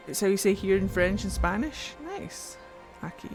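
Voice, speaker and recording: A chatty game streamer who keeps up loose, playful commentary with jokey asides. The voice sits at a middle pitch, and soft music plays underneath. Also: animated, normal speed. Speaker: streamer playing a video game. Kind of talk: casual let's-play commentary.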